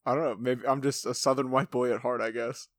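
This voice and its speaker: A man's voice: mid-range voice, little pitch movement, fast, no room sound. A young man from New Jersey co-hosting a podcast, talking loosely and cursing as he recaps a reality show. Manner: loose, profane, drifts into voices when quoting people. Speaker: podcast co-host.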